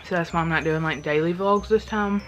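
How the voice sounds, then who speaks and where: A woman's voice: lowish voice, brisk, a little hiss or hum. A young woman, chatting casually to the camera in a rambling way, full of fillers. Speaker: vlogger.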